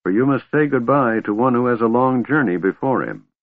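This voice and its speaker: A kindly old wizard speaks softly and gently, as a man reads him aloud. The recording is dry and narrow, like a phone line. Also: medium pitch, lively intonation, a little fast, no echo, pitched above the performer's own voice, close to an everyday voice. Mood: gentle. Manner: soft, gentle. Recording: dry thin phone-like audio.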